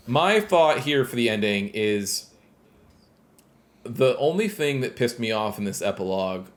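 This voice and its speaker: A man co-hosting a podcast, casually recapping a video game's ending and talking in a rambling way with self-corrections. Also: low-pitched. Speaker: podcast co-host.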